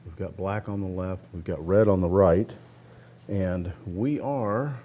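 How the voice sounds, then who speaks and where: A man's voice: deep voice, a little slow. A man hosting a restoration channel, talking casually through a hands-on project step by step while he works in a workshop. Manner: relaxed, plainspoken explaining while working. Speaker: host of a guitar restoration channel. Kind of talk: casual step-by-step how-to talk.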